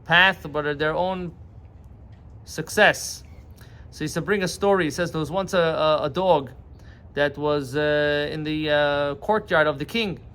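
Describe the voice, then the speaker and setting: Rabbi with a raised voice telling a parable. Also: male voice, on the high side, measured pace, bright, forceful tone, clear, resonant tone. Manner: explains patiently, retelling stories in plain words. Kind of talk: short morning sermon with a parable.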